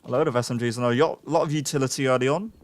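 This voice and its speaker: A young man giving live play-by-play esports commentary, excitable, with self-mocking asides to chat. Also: mid-range voice, racing, slight background noise. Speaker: esports caster.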